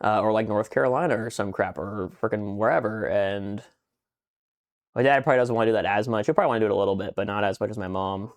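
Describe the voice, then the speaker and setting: A young man co-hosting a podcast, telling a rambling story in casual chat, swearing a lot and getting animated as he retells it. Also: on the low side, fast talker. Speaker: podcast co-host.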